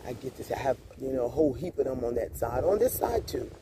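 Outdoors at a beach, a Grenadian vlogger chats casually with his viewers, telling stories in a relaxed way, saying "y'all" and repeating his phrases. His mid-range voice is brisk, with background noise around him.

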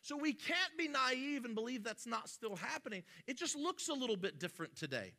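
Guy pastor giving a sermon, kinda high bright voice, chatty, jokes around, trips over his words. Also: big pitch swings, fairly quick. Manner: conversational, joking asides, self-interrupting restarts.

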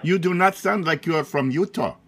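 A man's voice: on the high side, brisk, a bit bright, slightly rough. A man on a phone call, teasing the agent and playing dumb. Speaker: caller.

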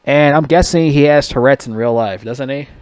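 A man's voice: medium pitch, normal speed, a little mellow, clear, resonant tone, no room sound. A man giving a casual, rambling movie review, swearing a lot and laughing at his own jokes. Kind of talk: casual rant.

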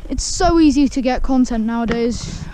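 A woman's voice: a little high, moderate pace, warm tone, a little hiss or hum. A woman vlogging in a garden, chatting in a casual, self-mocking way and humming silly tunes. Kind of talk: casual vlog commentary. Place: outdoor garden.

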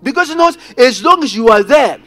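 High-voiced man preaching a sermon. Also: animated, a little fast, fairly bright tone, soft background music. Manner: preaching with rising and falling intensity, addressing congregation directly. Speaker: pastor. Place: church.

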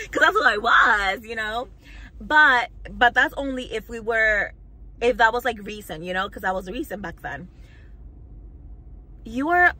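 A woman's voice: mid-range voice, sharp tone, rough recording. A young woman vlogger telling a storytime rant to camera, heated, mocking and full of swearing.

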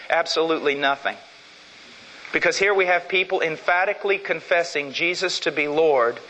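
Fervent bright-voiced preacher in a hall. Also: male voice, high voice. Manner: emphatic, repeats key phrases for stress. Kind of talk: sermon.

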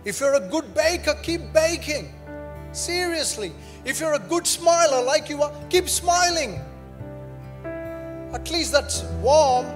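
Male pastor, very high voice, emphatic repetitive sermon with joking asides; long church reverb, soft music under. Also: animated, takes it slowly. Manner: emphatic, repetitive preaching with frequent "Amen"; conversational and humorous asides to the congregation. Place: church sanctuary.

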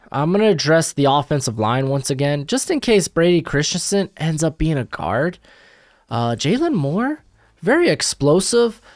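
Young male host, lively up-and-down delivery, dry close sound, faint music underneath; loose, self-correcting chatter. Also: a little high, no echo. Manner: rambling, self-correcting, animated. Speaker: YouTube mock draft host. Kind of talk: casual live commentary.

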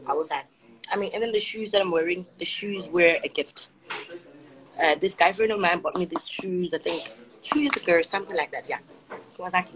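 A woman's voice: lowish voice, moderate pace, noisy background. A young South African woman with a South African accent, hosting a casual live stream as a sassy straight talker who keeps calling viewers honey. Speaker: Instagram live host. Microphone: phone.

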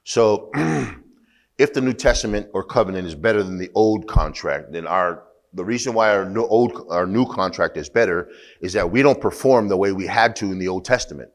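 A man's voice: low-pitched, normal speed. A man preaching a sermon as pastor, talking conversationally with asides and rising to emphatic bursts.

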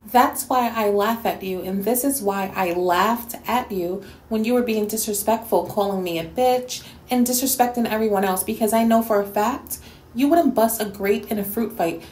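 A woman's voice: medium pitch, normal speed, a little mellow, echoey room, slight background noise. A woman from New York City delivering a scolding, sassy rant in a response video. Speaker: YouTube commentator.

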